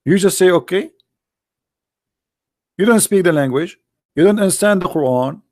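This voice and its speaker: A man's voice: high voice, lively intonation, quick pace, a little mellow. A man hosting a livestream in sarcastic, mocking commentary, firing rhetorical questions in non-native English. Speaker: livestream host taking calls. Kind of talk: mocking religious debate commentary.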